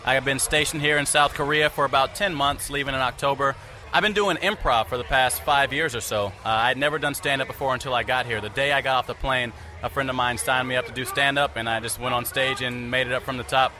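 A man's voice: medium pitch, steady tone, fast, pushed and bright. A man from California in a casual interview, talking about being a comedian in an upbeat, confident way.

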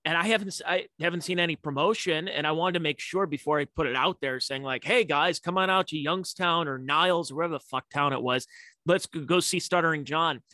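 A man with a bright, fairly high voice trades stories on a comedy podcast and laughs a lot. His tone is tense and crisp. The mic is close and dry. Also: brisk, dry recording. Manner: laughs often, chatty anecdotes. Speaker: podcast co-host. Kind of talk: casual comedy podcast chat.

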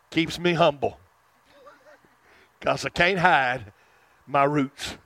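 A man from South Arkansas with a Southern accent, preaching a sermon and swinging between loud fervent stretches and hushed tender ones. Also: on the high side, no echo. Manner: chuckles at his own asides.

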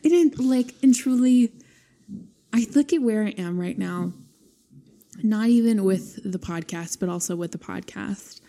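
Young woman podcast co-host, casual, gushing, emphatic, mellow tone. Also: medium pitch, unhurried, vocal fry. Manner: gushing, emphatic, laughs often.

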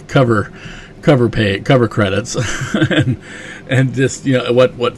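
A man's voice: fairly low pitch, slight background noise. A man hosting a podcast, recapping a comic casually with enthusiasm, lots of "you know" and chuckles. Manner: enthusiastic, chuckling, many fillers.

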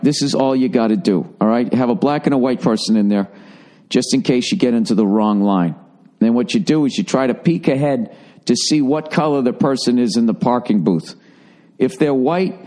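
With a mid-range voice and a darkish tone, a middle-aged man who is a comedian and podcast host spins a meandering, foul-mouthed funny story on his show. Throughout, he makes fun of himself.

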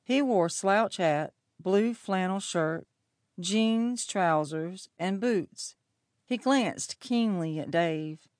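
A woman narrating a storybook in a measured, steady reading voice. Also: mid-range voice, no room sound, studio quality. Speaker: audiobook narrator.

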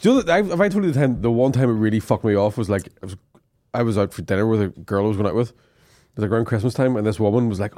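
Laid-back Northern Irish comedian. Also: male voice, lowish voice, very fast, darkish tone, dry recording, clean studio sound. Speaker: comedian guest. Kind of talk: casual podcast chat.

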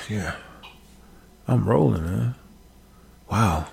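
A low, gravelly man preaches in an easygoing way, stretching each verse out slowly before dropping into quick asides. His voice is husky and rough-edged. He keeps asking his listeners whether they follow. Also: lively intonation. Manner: drawn-out verse reading mixed with quick asides. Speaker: scripture teacher on a livestream. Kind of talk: casual preaching while reading scripture aloud.

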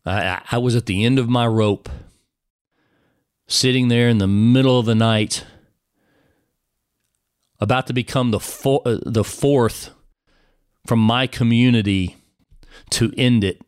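A man's voice: mid-range voice, a little slow, pauses often, smooth, dry recording, studio quality. A man giving an earnest personal testimony sermon, speaking straight to the listener and calling him brother.

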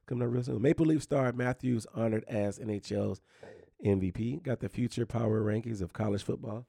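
A man's voice: medium pitch, brisk, vocal fry, dark tone, breathy edge, no echo, clean studio sound. A man hosting a casual sports talk show, rambling and repeating himself with lots of "you know what I'm saying". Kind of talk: casual sports news chat.

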